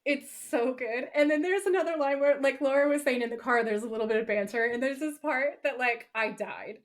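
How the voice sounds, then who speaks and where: Woman, podcast co-host, slightly high-pitched, eager and gushing. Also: fairly quick. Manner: enthusiastic, gushing, chatty. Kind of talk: casual chat.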